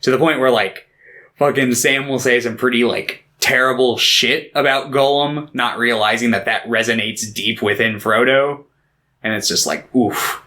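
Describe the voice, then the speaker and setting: A man's voice: medium pitch, fairly even intonation, moderate pace, pushed and bright. A man co-hosting a movie podcast, retelling scenes in loose, profane casual chat and briefly putting on character voices. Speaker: podcast co-host.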